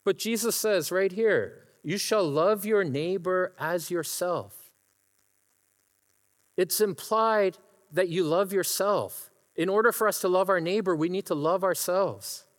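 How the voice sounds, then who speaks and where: A middle-aged male pastor preaches a sermon as a story, unhurried, occasionally mimicking a friend's laugh. His voice is a bit higher than most men's, and a long reverb follows each phrase as if in a large hall.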